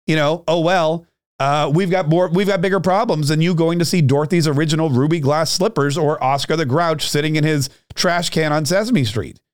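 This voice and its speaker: A man's voice: a little high, a little fast, clear, resonant tone, dry recording, clean studio sound. A man hosting a podcast, delivering a ranting, sarcastic political commentary monologue. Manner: ranting, sarcastic, repeats words.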